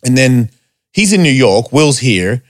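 Man, casual podcast chat, animated storyteller, swears a lot, mid-range voice. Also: mid-range voice, unhurried. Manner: animated storyteller, heavy swearing, acts out quotes in a raised voice. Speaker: guest telling stories.

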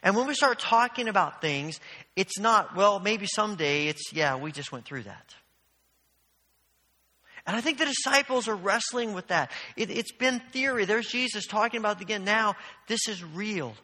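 A man's voice: sits high, expressive, normal speed, bright, forceful tone, long reverb tail. A man preaching a sermon as pastor, earnest and storytelling, often restarting his phrases.

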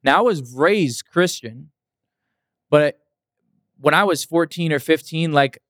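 A man's voice: fairly high pitch, expressive, takes it slowly, fairly bright tone, no room sound, studio quality. A young adult man, a motivational speaker, telling his story as an interview guest in an earnest, emphatic way, repeating lines for weight.

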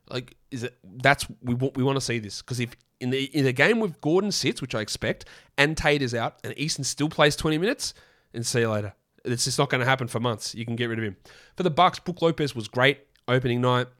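A man hosting a solo fantasy basketball podcast, hoarse from losing his voice, talking in an opinionated, rambling way with frequent self-corrections. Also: mid-range voice, fairly bright tone. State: hoarse from a lost voice.

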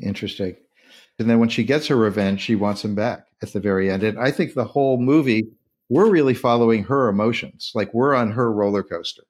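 A man's voice: fairly low pitch, brisk. Guy hosting a movie podcast, asks the panel stuff, gets into retelling scenes. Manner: leads with questions, animated retelling of scenes. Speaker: podcast host. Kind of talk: casual film discussion.

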